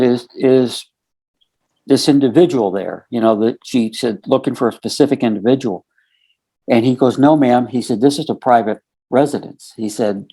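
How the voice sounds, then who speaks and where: This is a dark-toned, mid-range male voice. The speaker, a US man in his sixties, appears as a podcast guest in a storytelling interview, recounting a lengthy tale packed with quoted dialogue.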